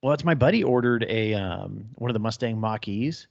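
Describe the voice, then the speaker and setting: A man in his thirties co-hosting a podcast, chatting casually, blunt and quick to swear. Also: fairly low pitch, expressive, creaky, a little mellow, no room sound, dull audio. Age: 30s. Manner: blunt, profane, swears freely. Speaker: podcast co-host. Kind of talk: casual chat.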